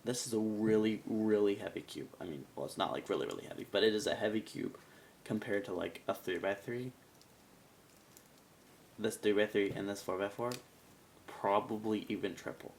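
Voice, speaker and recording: A man's voice: fairly low pitch, moderate pace, creaky, slight background noise. A man giving a casual product review in a rambling, chatty way with self-mocking asides. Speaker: cube reviewer.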